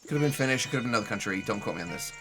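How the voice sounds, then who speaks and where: A man's voice: fairly low pitch, lively intonation, racing, over music. A young adult man streaming a video game live, chatting loosely with viewers and rambling with lots of "like" fillers. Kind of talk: casual live gameplay commentary.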